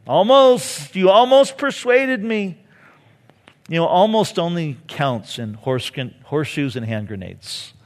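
A man's voice: a little high, big-room sound. A man preaching a sermon, who keeps acting out the voices of the people he quotes. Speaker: pastor.

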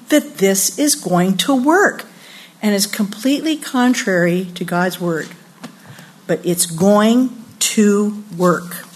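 Animated older woman preaching with stories. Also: fairly high pitch. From California. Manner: animated storyteller, acts out quoted voices, laughs often. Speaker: women's retreat speaker. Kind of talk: sermon-style talk with personal stories.

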